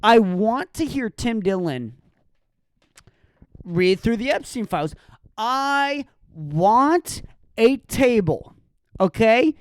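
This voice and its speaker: A woman's voice: on the high side, big pitch swings, slow, long pauses, no room sound. A woman hosting a solo podcast, ranting in a heated, sarcastic and profane way. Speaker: podcast host.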